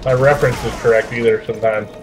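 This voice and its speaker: A man's voice: mid-range voice, quick pace, over music, low-quality recording. A man casually commenting as he plays a shooter game with friends, chatty and joking. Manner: chatty, joking, excitable during fights. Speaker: YouTuber playing online.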